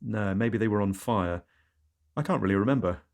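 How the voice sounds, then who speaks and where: A man delivering a deadpan surreal comedy monologue as a podcast host. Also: on the low side, normal speed. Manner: deadpan with sudden squeals.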